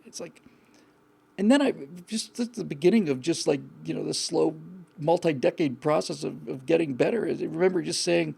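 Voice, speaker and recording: Gravelly, mellow-voiced man giving blunt advice. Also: on the high side, moderate pace. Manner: blunt, frank, rambling with repeated restarts. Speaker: host. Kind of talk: live call-in advice talk.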